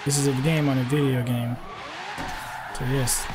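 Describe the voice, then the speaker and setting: Over the roar of racing-game engines, a man in his twenties chats with his stream, swearing freely and jabbing at trolls. He speaks in a mid-range voice with little pitch movement, at a moderate pace.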